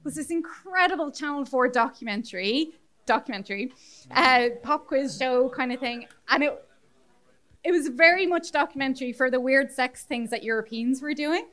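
An Irish woman around forty, a guest sex educator telling frank, animated stories on stage at a live show. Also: sits high, moderate pace. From Ireland. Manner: frank, animated storytelling with frequent laughter.

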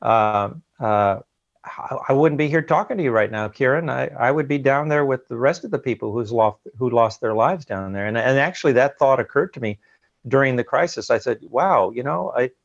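A man as an interview guest, recounting an ordeal in an earnest, halting way and often repeating words, heard over a dull remote line. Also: mid-range voice, expressive, gravelly, no room sound. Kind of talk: emotional interview account.

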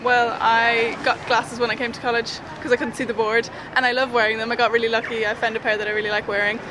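A woman's voice: on the high side, flat delivery, quick pace. A young woman college student answering a street interview in a friendly, chatty way with lots of fillers. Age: young adult. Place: outdoors on a street. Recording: street recording with traffic noise. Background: traffic.

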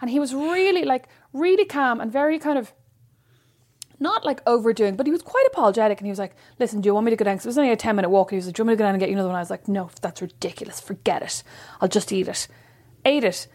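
A woman co-hosting a podcast in casual chat, telling stories in a frank, expressive way and swearing casually. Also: on the high side, quick pace. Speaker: podcast co-host.

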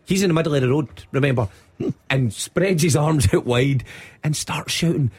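A middle-aged Scottish radio presenter with a husky, higher-pitched voice tells a funny anecdote at a moderate pace. He's an animated storyteller and laughs through his lines.

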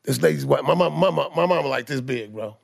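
A man telling street stories in casual chat, with profane slang, animated delivery and stammering restarts. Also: medium pitch, quick pace, creaky. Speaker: guest telling life stories.

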